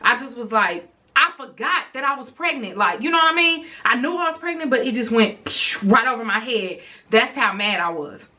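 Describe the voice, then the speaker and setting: A woman vlogger casually retelling a heated personal story, animated and outspoken, full of slang and "I'm like.". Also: on the high side, moderate pace.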